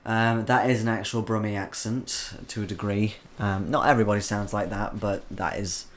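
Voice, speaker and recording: A man's voice: lowish voice, fairly even intonation, normal speed, few pauses, a little hiss or hum. A man from the Isle of Man hosting a live stream, chatting casually and reading out viewer comments, rambling with frequent ums. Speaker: livestream host reading chat.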